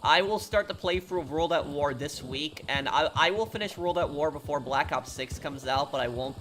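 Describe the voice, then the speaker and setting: A man's voice: a little high, moderate pace, a bit bright. A man streaming a game, chatting casually and answering chat questions, with frequent fillers and restarts. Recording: noisy game audio underneath.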